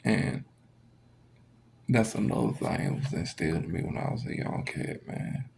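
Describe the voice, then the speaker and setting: A man's voice: on the low side, moderate pace, creaky, background noise. A young adult man telling a story in a casual, laid-back way, swearing freely and dropping "man" into nearly every sentence.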